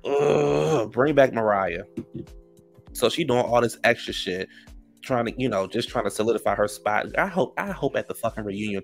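A man casually recapping a reality TV episode in a sassy, profane, gossipy way. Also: gravelly. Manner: acts out quotes in higher voices.

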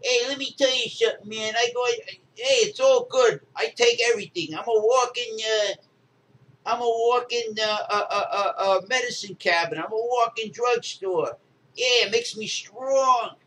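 A man putting on the voice of a brash, boastful male weightlifter who brags in a high, excited voice and stammers between boasts. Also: normal speed, distant mic, poor audio.

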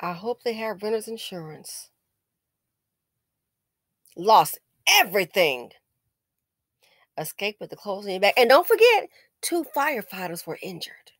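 A woman's voice: medium pitch, sing-song, a little slow, pauses often, a bit bright, no echo, clean studio sound. A woman giving casual news commentary, indignant and scolding, with sarcastic exclamations.

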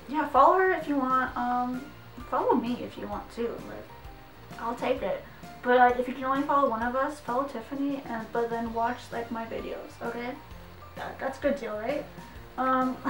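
A young woman, chatting excitedly through an unboxing vlog, giggling and saying "like" a lot. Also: fairly high pitch, distant mic. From Canada. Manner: excitable and giggly, heavy use of "like". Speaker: vlogger. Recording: echoey room, voice off-mic, faint music.

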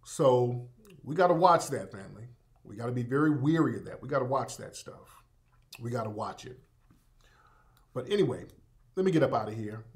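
A man's voice: medium pitch, lively intonation, normal speed, pauses often. A man hosting a live radio-style broadcast, talking loosely to listeners and repeating himself, often calling them family. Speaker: radio show host. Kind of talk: casual live broadcast talk.

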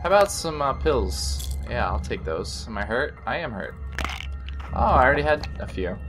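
Man, let's play commentary, sarcastic, cursing, lively pitch, game music behind. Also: normal speed. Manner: frustrated, sarcastic, swears a lot. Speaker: gaming video host.

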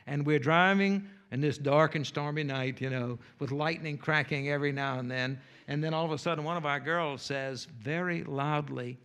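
Folksy preacher telling a tale. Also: male voice, on the high side, moderate pace, a bit bright. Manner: folksy, humorous storytelling with playful asides. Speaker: pastor. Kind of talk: storytelling sermon.

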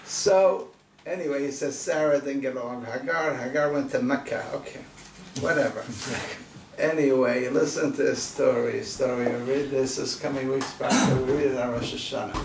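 A man's voice: mid-range voice, steady tone, normal speed, vocal fry. Man, rabbi, emphatic sermon, rhetorical questions, roomy room, distant mic. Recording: roomy distant recording, faint noise.

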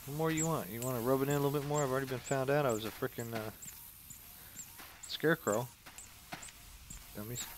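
A man at a middle pitch chats loosely through a game session. He jokes, rambles, and reads in-game notes aloud in a casual commentary style. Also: brisk, pauses often, slight background noise, low-quality recording. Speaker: gameplay commentator. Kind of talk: casual let's-play commentary.

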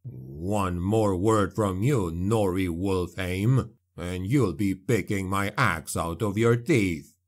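A man voicing a gruff dwarf slayer, speaking slowly with a growl. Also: low-pitched, heavily acted.

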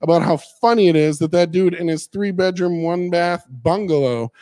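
A man's voice: sits high, moderate pace, dark tone. A young man doing a rambling, self-deprecating stand-up set in a comedy studio, sounding a bit tipsy. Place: comedy studio with live audience.

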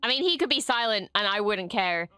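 A woman hosting a reaction video, gasping, laughing and swearing in excitement as she gushes over what she watches. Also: mid-range voice, fairly quick, clear, resonant tone, no echo. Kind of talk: excited live reaction commentary. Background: faint show soundtrack.

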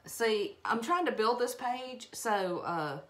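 A middle-aged Alabama woman speaks slowly in a slightly high, a bit bright voice with lively intonation, her Southern accent clear. Hosting a craft live-stream, she casually chats and rambles through a project demonstration, greeting viewers and laughing at herself.

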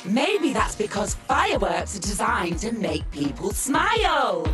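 A woman voicing an energetic female firework costume character, excitable and gushing. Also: mid-range voice, measured pace. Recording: echoey, music behind.

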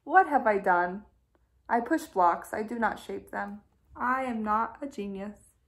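A woman's voice: medium pitch, measured pace, natural voice. A woman voicing an anxious, modest male square shape in a children's story, hesitant and fretting.

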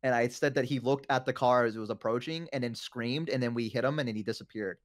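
Talking fast at a medium pitch, a young man rambles through casual chat and stories, full of fillers and restarts. It's studio quality, with no room sound.

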